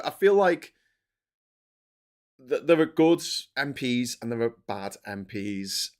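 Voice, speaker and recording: A man with a lowish voice runs a live stream, chatting in an animated, rambling way. He reads out messages from viewers, laughing and cursing along the way.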